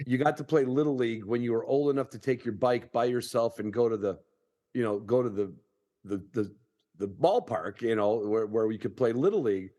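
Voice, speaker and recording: A man's voice: medium pitch, fairly quick, warm tone. A man in his sixties hosting a podcast, chatting in a folksy, wry way. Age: 60s. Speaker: podcast host. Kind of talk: casual podcast conversation.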